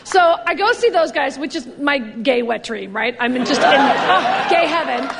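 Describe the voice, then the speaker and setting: A woman telling a brash, animated stand-up story on stage, laughing through her punchlines. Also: high voice, normal speed, some chatter behind. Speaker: stand-up comedian. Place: comedy stage before a live audience. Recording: stage mic in a hall with loud audience.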